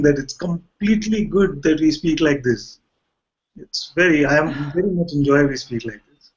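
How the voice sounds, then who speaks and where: A man teaching at a satsang, calm and repetitive, gently explaining. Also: medium pitch, muffled recording. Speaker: spiritual teacher. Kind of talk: satsang dialogue.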